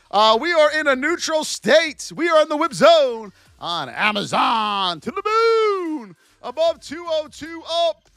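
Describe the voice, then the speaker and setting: A man hosting a live stock trading stream, giving market commentary and shouting out chat names in an animated, sing-song way. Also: sits high, no room sound. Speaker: stock trading livestream host.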